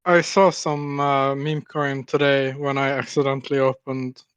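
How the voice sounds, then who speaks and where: A man's voice: medium pitch, flat delivery, a little slow, smooth, no echo. A man co-hosting a casual streamed chat, teasing and stammering through restarts. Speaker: podcast co-host.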